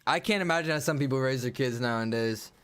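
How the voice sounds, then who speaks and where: A man's voice: medium pitch, fast talker, a bit bright, clear, resonant tone. A man livestreaming a game and chatting casually, ranting bluntly in slang. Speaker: gaming livestreamer. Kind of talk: casual livestream chat while playing.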